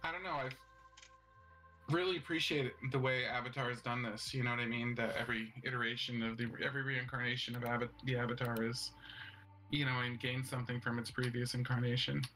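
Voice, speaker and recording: A man's voice: mid-range voice, steady tone, a little fast, sharp tone, soft background music, poor audio. A man co-hosting a casual podcast chat, teasing and playfully acting offended. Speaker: podcast co-host.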